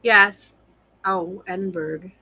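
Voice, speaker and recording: Bright, laughing woman rambling about her craft. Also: medium pitch, fairly even intonation, takes it slowly, breathy edge, dry recording, low-quality recording. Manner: rambling, self-deprecating, laughs often. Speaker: guest fiber artist and yarn dyer. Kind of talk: casual chat on a live video call.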